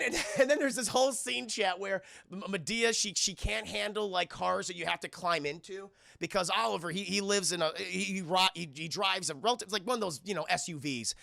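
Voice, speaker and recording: Brief: high, gravelly man riffing to his stream chat, cussing freely, dry close mic. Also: fairly quick, hardly any pauses, bright, forceful tone, no room sound. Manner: profane, rambling, keeps addressing the chat. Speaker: streamer reviewing a film. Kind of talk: casual chat with a live chat.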